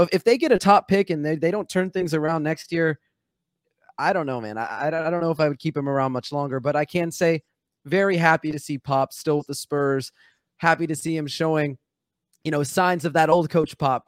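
A man's voice: fairly high pitch, dry recording, studio quality. A man co-hosting a casual sports talk show, talking in an easygoing, agreeable way. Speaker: podcast co-host.

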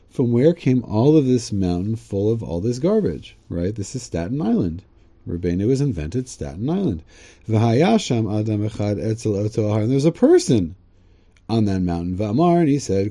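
A man giving a casual, rambling Torah lesson, reading Hebrew text aloud, translating it, and joking along the way. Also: normal speed. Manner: rambling, joking asides, frequent "right?"; bursts into excited high-pitched quoted voices. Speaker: teacher.

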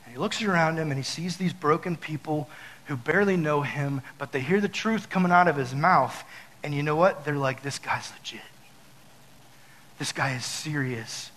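A man preaching a casual sermon, telling a story to his audience and acting out his panic in loud outbursts. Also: a little high, brisk, poor audio. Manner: talks straight to the audience with many fillers.

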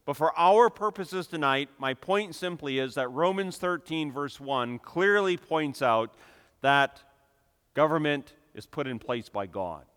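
A man preaching a sermon with emphatic delivery, building to loud, impassioned peaks. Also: on the high side, animated, measured pace, clear, resonant tone. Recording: long reverb of a hall.

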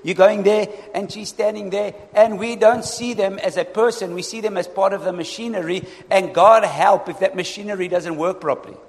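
An animated male preacher with a fairly high voice, repeatedly calling out to his congregation. His voice rings with a long hall reverb. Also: moderate pace, few pauses. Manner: animated, asks the congregation for responses. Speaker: pastor. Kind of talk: sermon.

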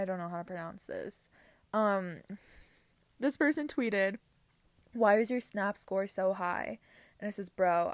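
A woman's voice: medium pitch, no echo. Chatty young woman hosting a podcast. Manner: chatty, giggly, rambling with many fillers. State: teary-eyed. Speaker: podcast host. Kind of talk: casual solo podcast chat.

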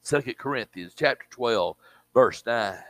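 A man's voice: mid-range voice, animated, measured pace, no echo, low-quality recording. A man preaching a sermon with emphatic delivery, repeating words and dropping in frequent amens.

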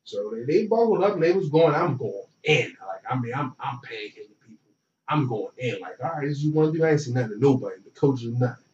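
A young man telling a college football story in relaxed, slangy talk, acting out what others said. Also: medium pitch, fast talker. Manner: relaxed, slangy, animated retelling with quoted dialogue. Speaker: former football player, guest. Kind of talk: casual storytelling. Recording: roomy, distant, dull lo-fi sound.

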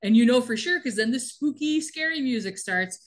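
A woman's voice: fairly high pitch, animated, normal speed. A woman co-hosting a casual chat, retelling a TV episode in a chatty way and acting out the lines. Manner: chatty storytelling, acts out quotes with laughs. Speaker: podcast co-host recapping a TV episode.

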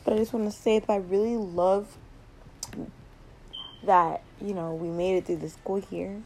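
A teenage girl rambles through a casual late-night podcast from home, piling up repeated words in a giggly, loose manner. Her voice sits at a middle pitch and comes through a laptop mic with a faint hiss behind it. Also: fairly even intonation, measured pace, darkish tone, low-quality recording. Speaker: podcast host.

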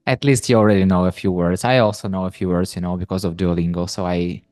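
A man's voice: sits low, steady tone, a little mellow, no room sound, clean studio sound. Friendly man hosting. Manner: friendly, laughs often, quick bursts when explaining. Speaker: podcast host. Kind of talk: casual interview.

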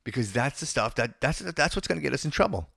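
A man's voice: mid-range voice, lively intonation, fast talker, vocal fry, a bit bright, husky, no echo, studio quality. A man hosting a podcast, giving an indignant, opinionated rant and often stammering and repeating himself. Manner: stammering, repeats words and restarts phrases. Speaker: podcast host.

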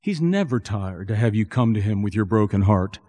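A man preaching a sermon as a pastor, earnest and building to animated emphasis. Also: on the low side, normal speed. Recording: long reverb in a church hall.

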